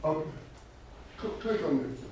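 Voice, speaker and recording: A man's voice: on the high side, expressive, measured pace, a little mellow, slight background noise. A man, a pastor leading a Bible study class, speaking emphatically and putting questions to his listeners. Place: church classroom. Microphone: distant room mic. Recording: very echoey room, far from mic.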